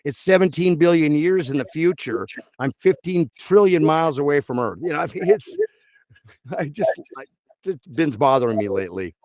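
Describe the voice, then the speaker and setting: A man's voice: fairly high pitch, lively intonation, normal speed, darkish tone, no room sound. A man who works as a voice actor, chatting casually in an interview in a rambling way, full of fillers. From Texas. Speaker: voice actor guest.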